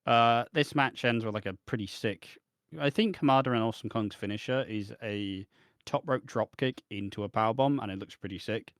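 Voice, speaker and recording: A man's voice: lowish voice, fairly quick, no room sound. A man co-hosting a casual wrestling review podcast, laid-back with dry remarks that trail off. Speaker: podcast co-host.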